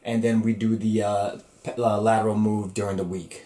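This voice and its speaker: A man hosts his own comedy podcast alone, talking loosely and profanely with lots of fillers and restarts. His voice is low-ish and dark, with little pitch movement, at normal speed.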